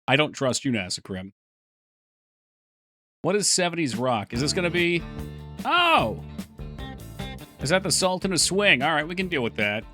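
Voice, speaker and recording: Bright-voiced man streaming game development. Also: a little high, expressive, fairly quick, pauses often, no echo. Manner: rambling, thinks aloud, reads chat. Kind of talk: casual live-stream chat. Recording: faint music behind voice.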